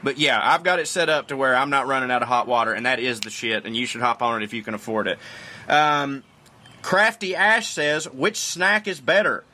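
A man's voice: medium pitch, expressive, brisk, bright, forceful tone. A man, chatting casually and profanely as he answers fan questions on his porch. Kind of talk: casual Q&A monologue. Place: outdoors on a porch.

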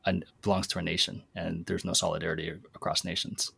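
A man's voice: deep voice, little pitch movement, fast, creaky, bright, forceful tone, husky, dry recording. A man from Washington state co-hosting a casual discussion, talking loosely with many fillers and restarts. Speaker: podcast co-host.

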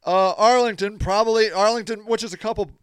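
High-voiced man telling an exasperated story. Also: brisk, clear, resonant tone, dry recording, studio quality. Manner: animated, exasperated, swears freely; laughs between lines. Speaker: podcast host. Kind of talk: casual storytelling monologue.

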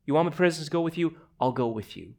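A male preacher voicing a calm deity in a sermon, softly and lower. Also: fast, gravelly.

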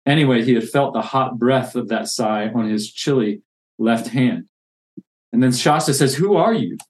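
A man's voice: medium pitch, normal speed. A man who plants churches reads from a classic novel and reflects earnestly on faith. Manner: earnest, reflective, with many restarts.

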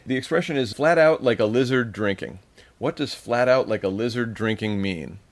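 A man's voice: mid-range voice, moderate pace. A man co-hosting a comedy podcast, playfully quizzing his partner on odd phrases and laughing often. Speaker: podcast co-host. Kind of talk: casual comedic chat.

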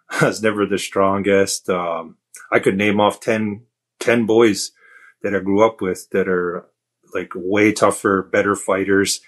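Relaxed low-voiced man telling a story. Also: measured pace. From Canada. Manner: relaxed, self-deprecating, frequent fillers. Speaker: guest. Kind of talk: casual storytelling.

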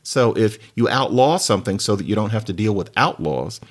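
A man hosting a solo podcast in a chatty, wry, digressive way, with playful asides and sudden jumps up in pitch when he stresses a point. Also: fairly quick, slightly rough. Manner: lively, with big jumps up in pitch on emphasis. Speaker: podcast host.

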